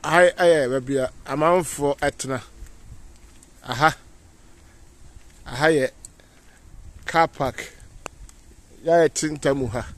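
A man's voice: a little high, slow pace, pauses often. A Ghanaian man giving a casual outdoor walking tour as a vlogger, pointing things out as he walks. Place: outdoors on city streets.

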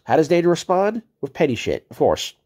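Exasperated, sarcastic man with a mellow voice. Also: on the high side, big pitch swings, fairly quick. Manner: exasperated, sarcastic, swears a lot. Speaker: commentator reading out a chat exchange. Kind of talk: ranting commentary video.

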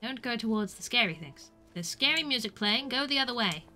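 A young woman streamer from the UK narrates her play in a high, bright voice, joking at herself and letting out squeals under attack. Soft game music plays behind her. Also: expressive, a little fast. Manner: chatty and self-mocking, with squeals when attacked. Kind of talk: casual gameplay commentary.

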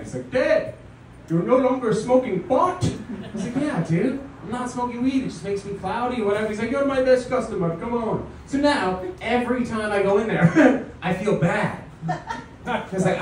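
A young man doing a stand-up comedy set at a house party, animated and slipping into mock voices of his mom and friends. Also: high-pitched, background noise. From New York. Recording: echoey room, from a distance.

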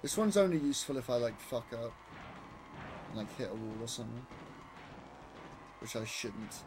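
A loud, excitable young British man who swears casually while commenting on his own speedrun. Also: mid-range voice, normal speed, background noise. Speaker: speedrunner streaming a racing game. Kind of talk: casual live commentary over gameplay. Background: game music and engine sounds.

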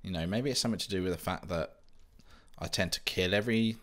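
A man's voice: low-pitched, fast, a bit bright. A young man giving chatty, self-mocking commentary while playing a survival game. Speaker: Minecraft let's-player. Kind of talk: casual gameplay commentary.

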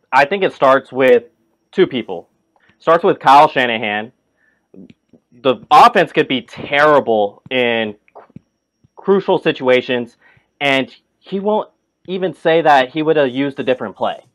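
A man's voice: mid-range voice, lively intonation, a little slow, long pauses, fairly bright tone. A man on a sports talk panel, sarcastic and exasperated.

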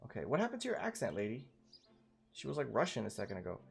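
A man's voice: mid-range voice, wildly swooping pitch, fast talker, gravelly, breathy edge, faint music behind. A man giving casual, profane, joking commentary while playing a game and reading it aloud. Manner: profane, joking, laid-back. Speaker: game streamer.

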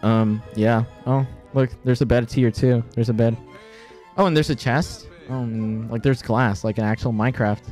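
A mock impression of a dull young male YouTuber, put on by a man on a gaming stream. He drops far below his normal pitch into a low, quiet, mumbled drone with almost no rise or fall. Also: moderate pace, soft background music, close to an everyday voice. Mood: deadpan. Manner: flat, low, mumbled monotone.

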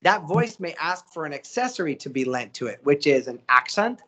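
A man, a voice actor guest, telling stories in a casual interview, lively and coaching with acted-out quotes. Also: a little high, a little fast, few pauses. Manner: animated, acts out quotes, coaching.

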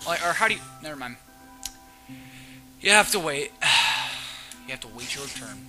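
A man playing a video game and commenting, excitable, often shrieking and yelling at monsters. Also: mid-range voice, moderate pace, soft background music. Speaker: let's player. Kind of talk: casual gaming commentary.

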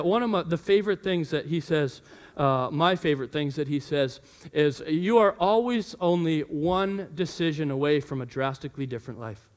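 A man in his thirties, a pastor telling a family story in his sermon and acting out his children's voices. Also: high-pitched.

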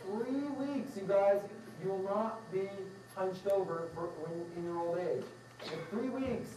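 A woman's voice: medium pitch, noisy background. A woman giving a casual, rambling talk to a live class, upbeat, laughing often and acting out quotes. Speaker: raw food class instructor. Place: room with a live audience. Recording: echoey room, mic far off.

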